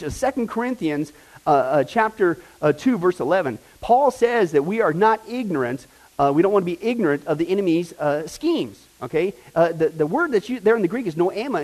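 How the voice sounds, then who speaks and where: A man preaching a sermon, telling a story with animated asides and frequent "right?" and "okay?" checks to the congregation. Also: high voice, fairly quick, poor audio. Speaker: pastor or Bible teacher. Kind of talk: sermon with anecdote.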